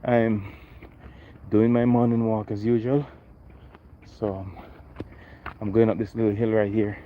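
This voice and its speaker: A chatty man with a lowish voice hosts a casual walking livestream outdoors on a residential street. He greets viewers by name as he goes. The handheld phone sound is dull and lo-fi, with faint traffic behind him. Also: flat delivery, unhurried. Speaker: livestream host. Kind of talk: casual live walking vlog.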